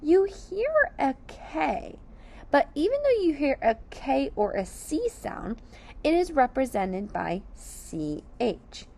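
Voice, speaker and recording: A woman teaching young children to read, sounding out words letter by letter at a very slow, careful pace. Her voice is somewhat high and swings widely in pitch. A gravelly edge runs under her words. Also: very animated, dark tone. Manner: sounds out letters and syllables one by one, praising. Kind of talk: slow, deliberate phonics lesson for young children.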